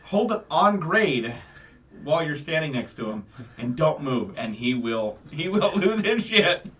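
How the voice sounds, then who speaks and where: A high, bright-voiced man tells crude work stories with big swings in pitch, acting out everyone in them. He sounds far from the mic. The sound is dull and lo-fi, with a faint hiss under it. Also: a little slow. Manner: crude, animated storytelling full of quoted voices. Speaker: construction worker telling stories. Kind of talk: casual chat with friends.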